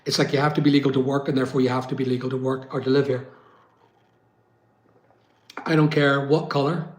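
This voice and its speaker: A man's voice: medium pitch, flat delivery, fairly quick, roomy sound. A man from West London hosting a casual live chat, reading out viewer comments and answering them with plenty of ums. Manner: chatty, reads out comments, many ums.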